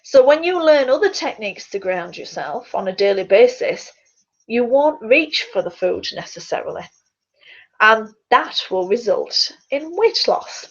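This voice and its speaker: A woman, a fitness coach, chatting casually to her webcam from a small quiet bedroom, rambling a little and stumbling over words. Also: on the high side, sing-song, unhurried. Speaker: fitness coach and public speaker. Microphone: computer mic on a video call. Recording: dull lo-fi webcam audio.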